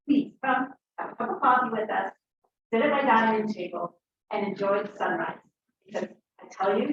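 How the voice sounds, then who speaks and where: A woman's voice: a little high, creaky. A woman resident making an earnest, emotional public comment to a town council. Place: council chamber. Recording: echoey chamber, distant mic, muffled, faint hiss.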